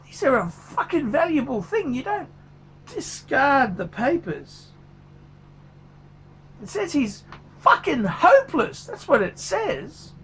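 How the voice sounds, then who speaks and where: A man's voice: very high voice, wildly swooping pitch, slow pace, long pauses, fairly bright tone, slight background noise, pitched above the performer's own voice, full character voice. A man voicing a furious, foul-mouthed male watch reviewer who swears constantly in a paid review rant. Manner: swears constantly, ranting, blunt.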